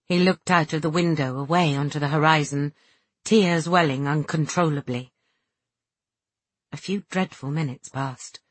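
Low, husky woman narrating slowly. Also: no echo. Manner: slow, soft, measured reading. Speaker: audiobook narrator. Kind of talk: scripted narration.

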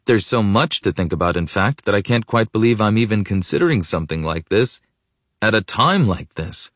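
A man with a very low, deep voice reads a first-person novel in a reflective, intimate tone, often sinking to a hush. The recording is dry and close, with no room sound. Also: animated, normal speed, no echo. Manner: reflective, intimate, softening to hushed. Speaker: audiobook narrator. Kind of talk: first-person audiobook narration.

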